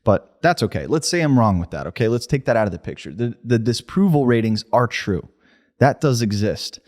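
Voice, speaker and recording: A man's voice: mid-range voice, animated, a little fast, darkish tone. Man, podcast co-host, casual comedic chat, ranting, swearing. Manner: playful, ranting, swears, tries accents.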